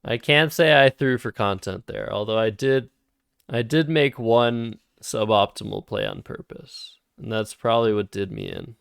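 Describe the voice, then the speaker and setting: A man's voice: on the low side, big pitch swings, moderate pace, vocal fry, a bit bright, clear, resonant tone, no room sound, clean studio sound. A man casually thinking aloud while playing word games on a live stream. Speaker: streamer and Scrabble player.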